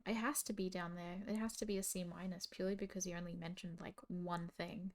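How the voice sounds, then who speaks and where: A woman's voice: fairly low pitch, little pitch movement, fairly quick. A young Australian woman and teacher, muttering to herself with lots of fillers while chatting on a live stream. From Brisbane, Australia. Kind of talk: casual live-stream chat.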